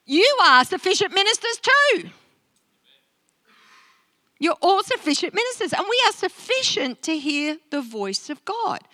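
A woman pastor preaching a sermon in a church, animated and talking straight to the congregation. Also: very high voice, a little slow, long pauses, no echo. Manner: animated, interactive preaching with acted-out quotes. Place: church service.

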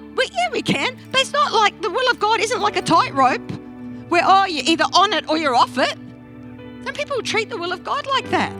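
High, lively woman pastor preaching. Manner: animated, interactive preaching with acted-out quotes. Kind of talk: sermon. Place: church service.

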